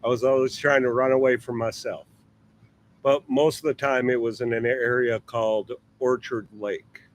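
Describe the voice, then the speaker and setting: A man hosting a casual livestream, who laughs easily and signs off with warm words. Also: medium pitch, flat delivery, moderate pace, a little hiss or hum. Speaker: host.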